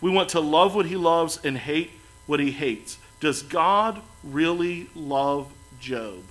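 Earnest male preacher, slightly high voice. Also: animated, slow pace, low-quality recording. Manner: earnest, rises to emphatic then drops soft and quiet. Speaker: pastor. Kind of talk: sermon.

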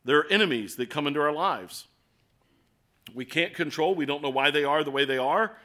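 An American man delivers a sermon with a bright, forceful edge to his voice. He speaks a little higher than most men and keeps the tone earnest and conversational. He leans on rhetorical questions as he teaches. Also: animated, brisk. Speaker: pastor.

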